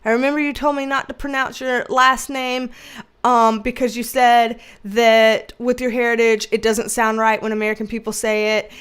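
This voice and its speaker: A woman hosting a casual livestream with a nasal voice, talking loudly and bubbly, laughing often as she answers viewers. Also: on the high side, level tone, normal speed, clear, resonant tone. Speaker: tarot reader and livestream host. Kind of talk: casual livestream chat reading viewer comments.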